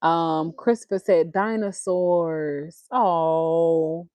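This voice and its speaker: A woman's voice: low-pitched, fairly even intonation, extremely slow, a little mellow, dry recording, clean studio sound. A woman, chatting casually on a livestream, laughing often and reading viewer comments aloud. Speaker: livestream host.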